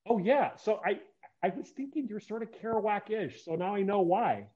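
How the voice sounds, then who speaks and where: A man from the upper Midwest hosting a casual interview, asking rambling questions with a joking, animated manner. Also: sits high, moderate pace, muffled recording. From upper Midwest near Minnesota. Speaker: interview host.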